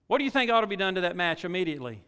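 Folksy middle-aged preacher, high bright voice. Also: male voice, big pitch swings, very fast, smooth. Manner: folksy, with rhetorical questions and swings from quiet asides to loud exhortation. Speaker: pastor. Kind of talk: sermon. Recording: long reverb of a large hall.

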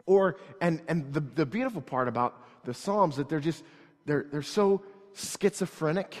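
A male pastor preaching to a congregation in an earnest, conversational way, often restarting phrases and moving between quiet asides and raised, emphatic passages. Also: a little high, lively intonation, normal speed. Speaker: church plant pastor. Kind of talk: sermon. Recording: long hall reverb.

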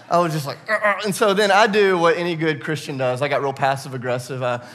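A man preaching a sermon, telling a personal story in a conversational, self-deprecating way before moving into scripture. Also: a little high. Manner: conversational, self-deprecating, animated retelling with laughs. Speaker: pastor.

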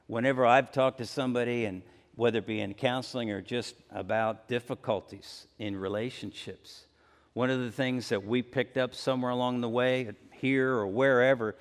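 A male pastor preaching a conversational sermon, acting out everyday apologies in lively asides. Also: medium pitch, normal speed, in a large hall. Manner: conversational, acts out everyday apologies with rising energy.

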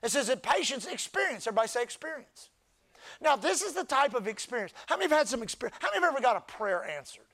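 A man with a very high voice preaches to his church, moving between quiet talk and loud shouting. He calls out for the crowd to repeat words after him. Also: very animated, fast talker. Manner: preaching, often rising to shouts with crowd call-and-response. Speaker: pastor. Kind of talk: sermon. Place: church service.

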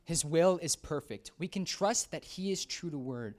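Casting note: animated preacher, conversational sermon, big swings from hushed to excited. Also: medium pitch, moderate pace. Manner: lively, swings from hushed to excited outbursts, acts out quoted voices.

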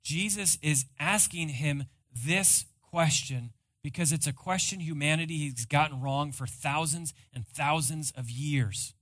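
A male pastor preaching a sermon, retelling a story dramatically and swinging between loud and hushed. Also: a little high, unhurried, few pauses, dry recording.

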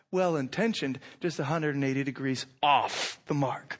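A middle-aged man preaching a sermon, animated, acting out imagined lines with rising intensity. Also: fairly high pitch, a little slow, few pauses. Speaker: pastor.

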